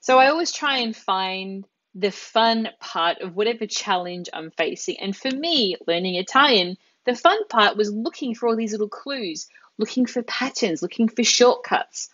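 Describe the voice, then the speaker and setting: A woman's voice: mid-range voice, animated, normal speed, fairly bright tone, dry recording, lo-fi sound. A woman teaching a live-streamed online lesson, upbeat and chatty, talking straight to her viewers. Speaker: Italian language teacher.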